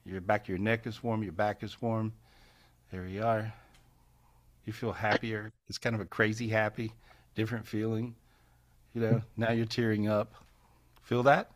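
A man with a somewhat low voice leads a live spiritual healing session over a video call. He talks in a folksy, repetitive way and laughs easily. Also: level tone, normal speed, pauses often. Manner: warm, folksy, repeats phrases, laughs often.

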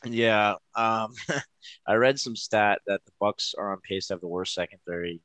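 A young man with a slightly low voice chats on a sports podcast. He makes wry, laughing asides. The sound is dry and close. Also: normal speed, fairly bright tone, no echo. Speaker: podcast co-host. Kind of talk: casual sports podcast chat.

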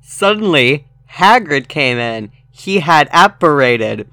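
A man's voice: a little high, expressive, measured pace, sharp tone, clear, resonant tone, no echo, clean studio sound. A young man hosting a comedy podcast, reading fan fiction aloud with theatrical, mock-dramatic overacting.

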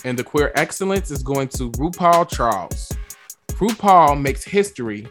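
A man hosting a music and talk radio show, lively and playful, with slang and drawn-out emphasis. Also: mid-range voice.

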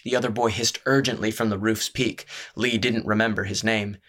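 A man reading a fantasy story aloud as narrator, in a measured, deliberate way. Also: fairly low pitch, steady tone, a bit bright. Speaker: audiobook narrator. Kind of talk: scripted narration.

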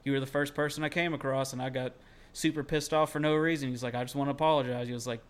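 A young man rambles through a story on a casual podcast. He leans on "like" constantly and swears without a thought. His voice sits at an ordinary middle pitch. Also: fairly even intonation, fast talker, clear, resonant tone. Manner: rambling, heavy on filler "like", swears freely, shouts when quoting himself. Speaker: podcast co-host.

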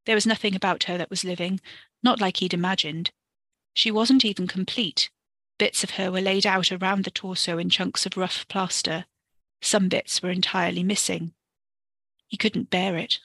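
A woman reading a story for a podcast in a steady, expressive way. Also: lowish voice, moderate pace, no echo. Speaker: podcast narrator.

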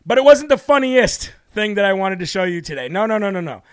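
A man's voice: high-pitched, very animated, quick pace, smooth. A man hosting a political talk show, talking in a brash, mocking way with plenty of laughter. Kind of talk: brash casual commentary.

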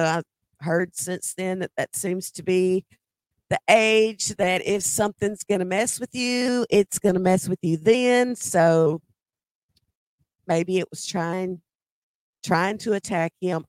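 Woman, very slow storytelling, repeats herself, dry close sound. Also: mid-range voice, no echo. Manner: unhurried, repeats words as she recalls. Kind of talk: personal paranormal storytelling.

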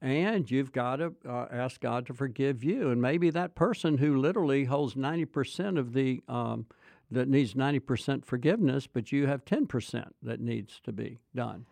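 A middle-aged man co-hosting a faith-based talk, explaining step by step in a measured way. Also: medium pitch, vocal fry, a little mellow, no room sound. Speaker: co-host.

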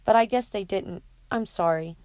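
A woman's voice: medium pitch, normal speed, a little mellow, clean tone, no room sound, close to an everyday voice. A woman reading the lines of a frightened but defiant teenage girl in an audiobook, her voice rising and insistent. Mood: sheepish.

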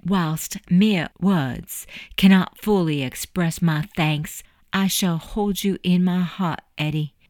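A woman reads as a young woman of the 1820s writing a tender farewell, her voice low and dry in a close, deadened room. She speaks in formal, measured phrases, slow and careful, as in a storybook. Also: a little mellow, no echo. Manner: formal, measured letter-reading. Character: young woman, formal, grateful, newly freed.

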